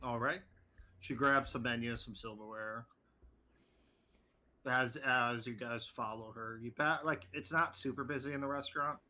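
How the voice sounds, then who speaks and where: A man's voice: medium pitch, fairly even intonation, normal speed, bright, forceful tone. A man narrating as game master in a casual tabletop game, swearing freely.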